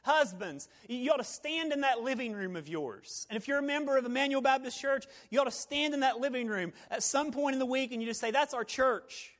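High-voiced preaching pastor. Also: male voice, a little fast, few pauses. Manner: animated preaching that drops to near-whispers; folksy, joking asides. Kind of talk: sermon. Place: church sanctuary, evening service.

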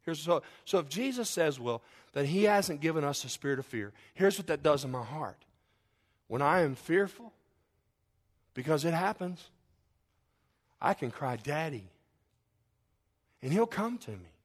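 A middle-aged man preaching in a fairly high voice. He tells his stories with lots of energy, his pitch jumping around, and later drops to a near-hushed murmur. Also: measured pace, long pauses. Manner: animated storytelling that drops to a soft, hushed close. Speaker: pastor. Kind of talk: sermon.

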